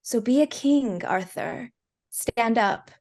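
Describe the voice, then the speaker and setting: A woman voicing her knight character, speaking slowly and earnestly in a tabletop game. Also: a little high, expressive, darkish tone. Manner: slow, earnest speech. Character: brave knight Tamura, earnest young woman.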